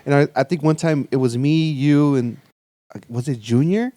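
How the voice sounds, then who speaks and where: Male podcast host, raised pitch, bone-dry studio sound, loose, profane storytelling. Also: normal speed, dark tone, no room sound. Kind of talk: casual chat.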